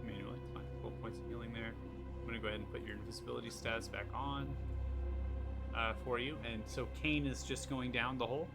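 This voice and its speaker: A man running a tabletop game as game master, narrating scenes in a relaxed, descriptive way with fillers, music playing behind. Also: medium pitch, fast talker, gravelly. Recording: background music.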